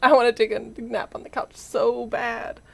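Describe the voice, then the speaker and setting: A woman's voice: fairly high pitch, little pitch movement, normal speed, vocal fry. A young woman streaming a game, making playful, giggly asides as she plays. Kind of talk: casual gameplay commentary.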